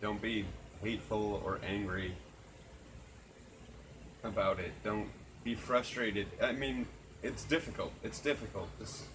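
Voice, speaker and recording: A man talks in an earnest, reflective way, dropping swear words casually. His voice sits on the low side. Crickets chirp loudly around him outdoors at night. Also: steady tone, unhurried, pauses often, background noise. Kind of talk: casual chat.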